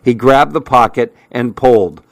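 A man narrating a story in a measured way. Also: medium pitch, vocal fry, no room sound. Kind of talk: audiobook narration.

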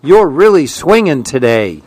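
A man's voice: on the high side, very animated, unhurried, a little mellow, no room sound, clean studio sound. A man voicing a small, friendly male chameleon who calls out cheerily to get noticed in a storybook. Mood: cheery. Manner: cheery, calling out for attention.

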